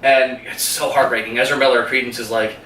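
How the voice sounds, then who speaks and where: Animated, swearing man reviewing a movie. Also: mid-range voice, a little fast. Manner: animated retelling, swears freely, laughs often. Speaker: podcast co-host. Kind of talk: casual movie review chat. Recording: roomy room, mic at a distance, faint hum.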